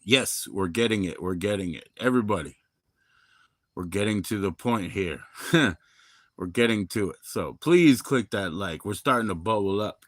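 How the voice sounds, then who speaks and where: This is a middle-aged man from Maryland chatting on his livestream, wandering between topics and swearing freely. His voice sits on the low side, and it is captured dry with no room sound. He flares up loud, then sinks back to a mumble. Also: lively intonation, moderate pace, no room sound. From Maryland, USA. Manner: rambling, profane, loud bursts then mumbling. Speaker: livestream host. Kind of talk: rambling casual livestream chat.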